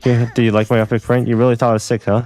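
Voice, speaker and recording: Male reader doing self-deprecating teen girl, quiet and apologetic, fast delivery. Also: medium pitch, flat delivery, faint music behind, natural voice. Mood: teasing. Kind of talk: reading a visual novel aloud.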